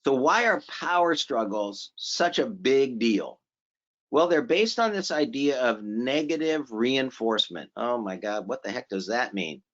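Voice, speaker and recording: A man's voice: mid-range voice, expressive, unhurried. Man giving an informal seminar talk. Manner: informal, repeats phrases for emphasis, asks the audience questions. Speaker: seminar presenter. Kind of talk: conversational lecture. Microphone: remote conference audio. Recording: slightly dull audio from a virtual conference.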